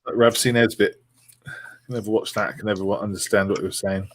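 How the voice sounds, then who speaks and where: A man's voice: lowish voice, flat delivery, fast talker, slight background noise, poor audio. A man in casual chat, putting in brief, dry remarks over a video call.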